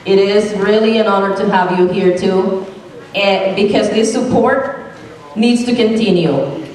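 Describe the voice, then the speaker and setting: A woman's voice: medium pitch, fairly even intonation, measured pace, a little mellow. A woman hosting a gala, thanking guests effusively and repeatedly. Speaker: gala host. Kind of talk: formal thank-you remarks. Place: large banquet hall. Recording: very echoey hall, far mic, faint crowd.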